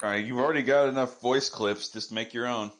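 A man's voice: mid-range voice, steady tone, brisk, a bit bright. A man as a podcast interview guest, answering in a dry, sarcastic way.

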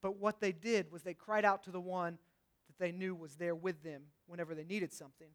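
A young man preaching a sermon, swinging between passionate, louder outbursts and hushed, reflective moments. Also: high-pitched, steady tone, brisk.

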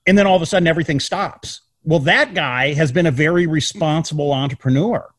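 Man, slightly high voice, animated, rhetorical questions, dry close sound. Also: brisk, dry recording. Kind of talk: casual political chat.

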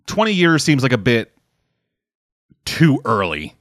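A man's voice: medium pitch, very animated, unhurried, fairly bright tone, no echo, studio quality. A man in casual chat who rambles, swears often and fills his talk with "like" and "uh". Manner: rambling, swearing, lots of fillers.

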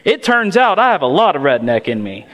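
A man's voice: on the high side, big pitch swings, fairly quick, a bit bright. A young man from north Florida preaching a sermon as pastor, emphatic and folksy, tossing out rhetorical questions. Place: church sanctuary. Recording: long church reverb.

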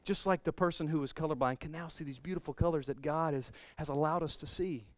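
Animated man preaching a sermon. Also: fairly high pitch, quick pace, no echo. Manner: animated storytelling, swings from soft to loud. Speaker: pastor.

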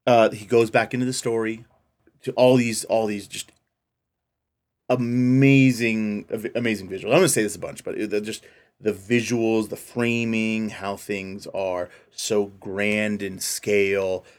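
A man's voice: fairly low pitch, little pitch movement, unhurried. A man casually recapping a film on a podcast, rambling and enthusiastic, acting out quotes in changed voices. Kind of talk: casual chat.

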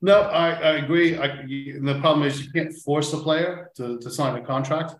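A man's voice: on the high side, fairly even intonation, normal speed, roomy sound, rough recording. A man talking as a guest on a podcast, rambling with lots of restarts while his throat gives him trouble. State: struggling to speak, throat trouble. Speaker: football club manager guest. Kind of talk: podcast chat.

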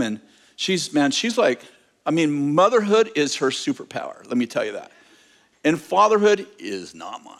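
A middle-aged man preaching a sermon, telling a personal story with self-mocking humor and restarting his sentences. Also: fairly high pitch. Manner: animated storyteller, self-mocking, repeats words when starting. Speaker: pastor.

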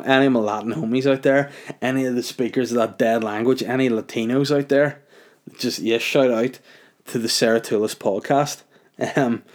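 A man's voice: fairly low pitch, darkish tone. A young man, hosting a solo podcast, laid-back and rambling with lots of fillers. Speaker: comedian podcast host. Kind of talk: casual solo podcast chat.

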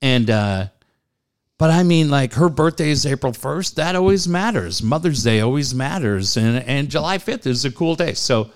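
A man's voice: medium pitch, expressive, moderate pace. A man in his forties telling a long family story in casual chat, laughing often and repeating "I go".

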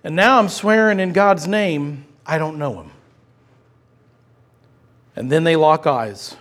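Middle-aged male pastor, high tenor, passionate sermon delivery that drops to a hush. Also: slow. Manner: impassioned, swings from loud to hushed.

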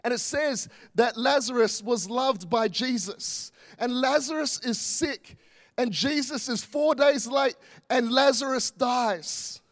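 A man's voice: very high voice, takes it slowly. A male pastor, preaching a passionate, emphatic sermon full of repetition.

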